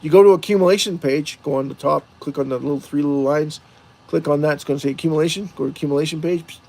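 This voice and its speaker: A man's voice: a little high, steady tone, fast, creaky, warm tone. A man hosting a livestream, rambling and putting rhetorical questions to the chat. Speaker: livestream host. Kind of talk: casual livestream talk to chat viewers.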